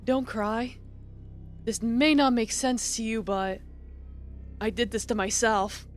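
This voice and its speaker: Woman putting on a soft dying huntsman. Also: fairly high pitch, slow, soft background music, pitched below the performer's own voice. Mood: soothing. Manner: soft, hushed, calming. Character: kind dying young male huntsman, gentle, self-sacrificing.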